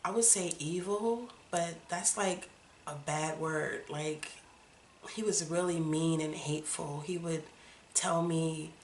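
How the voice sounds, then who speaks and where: A woman's voice: low-pitched, slow pace, a little hiss or hum. A woman in her thirties, a vlogger, telling her personal story in a candid, conversational way, full of fillers. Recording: roomy echo.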